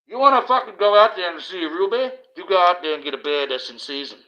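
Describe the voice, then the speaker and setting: A man's voice: high voice, animated, fast talker, pushed and bright. A man, hosting a livestream and ranting in a rambling, profane monologue. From Australia. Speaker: livestream host. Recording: dull lo-fi stream audio.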